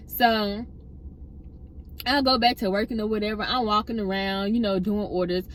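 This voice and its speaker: A young woman casually telling a personal workplace story, chatty and animated, often addressing listeners directly. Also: medium pitch, moderate pace, a little hiss or hum. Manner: animated retelling with acted-out quotes.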